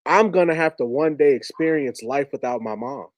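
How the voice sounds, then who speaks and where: A man's voice: medium pitch, normal speed, dry recording. A man on a podcast telling a personal story in an earnest, conversational and emotional way. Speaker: podcast guest. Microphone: podcast studio mic.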